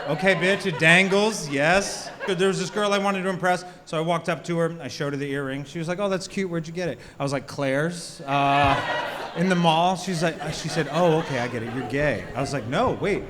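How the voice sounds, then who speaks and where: A man's voice: a little high, fairly quick. A man in his thirties doing a stand-up comedy set, crude and self-mocking, bantering with the audience. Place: comedy club stage. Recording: live club with reverb and loud crowd. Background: audience laughter.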